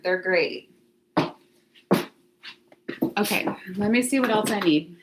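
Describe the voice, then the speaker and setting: A medium-pitched woman speaks slowly with long pauses, and the recording is very noisy. She is a livestream host chatting casually to viewers from home near the laundry closet, musing aloud with many laughs.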